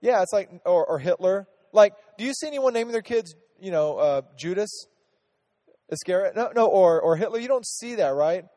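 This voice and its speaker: A man's voice: high-pitched, expressive, normal speed, warm tone, long reverb tail. A man teaching a casual Bible lesson to a group, chatty, asking them questions and restarting his sentences often.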